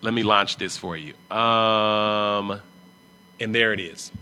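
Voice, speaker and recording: A man's voice: fairly low pitch, slow pace, bright, forceful tone, a little hiss or hum. Emphatic man hosting a live stream. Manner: emphatic, repetitive, confrontational. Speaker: livestream host.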